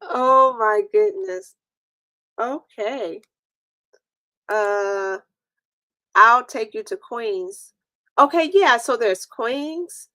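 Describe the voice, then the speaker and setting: Her fairly high voice is bright and forceful, delivered very slowly with long pauses on a dry recording. She's a talkative New Yorker hosting a casual stream, laughing frequently and teasing her viewers.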